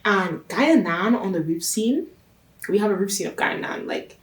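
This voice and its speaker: A woman's voice: medium pitch, expressive, moderate pace. Gossipy woman recapping a show, roomy sound. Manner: chatty, gossipy, emphatic with repetitions. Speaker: reaction channel host. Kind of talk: casual TV recap commentary. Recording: roomy sound from a distance off the mic.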